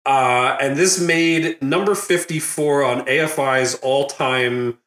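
A man hosting a casual movie recap podcast, laughing often and acting out quotes in a loud, high voice. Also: takes it slowly, roomy sound. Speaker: podcast host.

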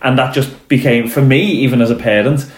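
A man's voice: medium pitch, steady tone, fairly quick. Man telling stories, roomy echo. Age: adult. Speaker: podcast co-host. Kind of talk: casual chat.

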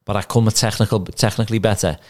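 A man's voice: on the low side, level tone, fast talker. A man, a former footballer turned manager, telling career stories in a casual podcast chat and acting out the dialogue. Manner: chatty anecdotes, acts out quoted dialogue.

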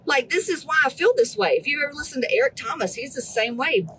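A woman's voice: high voice, lively intonation, fast talker, a bit bright, slight background noise, poor audio. A woman in her thirties, a fitness coach ranting bluntly at her group, profane and exasperated. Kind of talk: blunt motivational rant.

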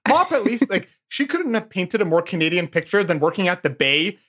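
Young woman, lowish voice, playful joker in a group chat. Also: sing-song, a bit bright, breathy edge. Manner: playful, quick joking interjections. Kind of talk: casual podcast banter.

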